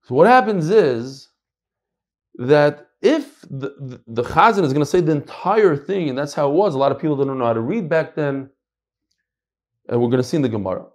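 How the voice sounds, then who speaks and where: An American man teaching a Talmud class, emphatic and animated, mixing in Hebrew and Yiddish terms. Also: on the high side, normal speed. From United States. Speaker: Torah teacher.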